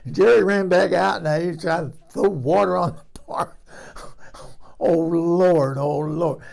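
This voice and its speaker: A man's voice: high voice, measured pace, gravelly, darkish tone, exaggerated voice. A man playing a frank older woman who rambles through a comic story and laughs at herself. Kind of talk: comic character monologue.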